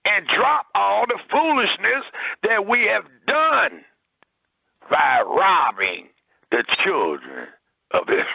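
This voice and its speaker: A man's voice: huge pitch swings, takes it slowly, creaky, no echo, highs cut off. A man preaching a sermon, reading scripture aloud and pressing hard on his words. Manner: emphatic, preaching with rising and falling pitch.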